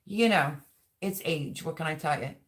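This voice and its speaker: Reading viewers' comments out loud, this middle-aged livestream host rambles in a relaxed, chatty way. She speaks at a moderate pace in a low voice.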